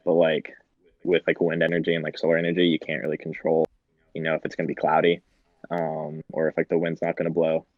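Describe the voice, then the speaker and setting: Laughing young man with a deep voice. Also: fast talker, gravelly, no room sound, phone-quality sound. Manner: laughing often, swearing, many fillers. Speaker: podcast co-host. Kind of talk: casual chat.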